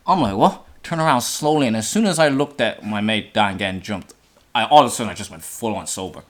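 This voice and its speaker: A young man hosting a podcast, telling a story in casual chat with lots of swearing and sudden high-pitched outbursts when he quotes himself. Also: expressive, fast talker. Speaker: podcast host.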